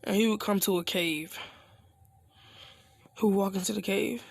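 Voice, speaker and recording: Casual guy rambling thru a fan story, gravelly, slangy asides. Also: sits high, steady tone, moderate pace. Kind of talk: improvised fan-fiction narration.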